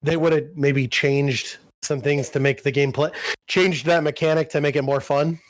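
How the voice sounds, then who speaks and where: A man's voice: on the high side, fairly even intonation, normal speed, no room sound. Rambling, profane podcast host man. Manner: rambling, profane recap with quoted voices. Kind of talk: casual chat.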